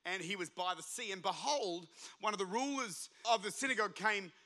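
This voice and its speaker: Male pastor, impassioned preaching that rises to shouts; high-pitched, sharp and bright. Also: a little fast. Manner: impassioned, builds to shouting, acts out voices of the story. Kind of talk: sermon.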